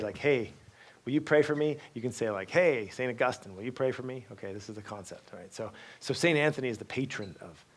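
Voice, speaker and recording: Man lecturing with lots of "okay?". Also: mid-range voice. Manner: lively storytelling with many asides and restarts; asks "okay?" and "right?" to check in with the audience. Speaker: guest speaker. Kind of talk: university lecture.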